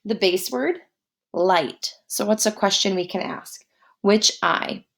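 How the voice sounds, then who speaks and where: Slow spelling teacher lady, spells it out letter by letter, a bit of vocal fry. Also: mid-range voice. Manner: slow, deliberate dictation, spelling words letter by letter. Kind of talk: guided spelling lesson.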